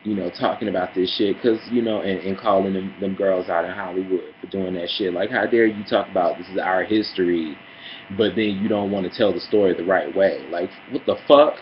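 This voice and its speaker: A man ranting sassily in a casual vlog, calling listeners girl and honey, heated and swinging between mutters and loud outbursts. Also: low-pitched, fairly even intonation, fairly quick, muffled recording, a little hiss or hum. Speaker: vlogger. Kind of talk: casual opinion rant.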